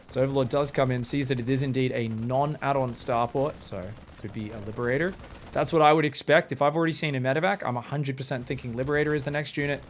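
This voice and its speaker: A man giving excitable live commentary on an esports match, breaking into sudden high exclamations. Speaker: esports caster.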